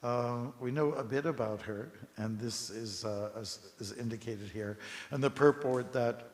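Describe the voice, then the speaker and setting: A man giving a scripture class in a temple hall, telling relaxed anecdotes with chuckles and asides to the audience. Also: medium pitch, a little slow. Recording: long hall reverb with faint hiss.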